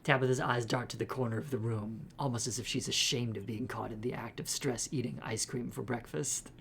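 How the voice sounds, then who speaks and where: A man's voice: mid-range voice, steady tone, brisk, gravelly, a bit bright, a little hiss or hum. A man streaming a visual novel, chatting casually and reading the game's narration aloud. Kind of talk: casual chat and reading game text aloud.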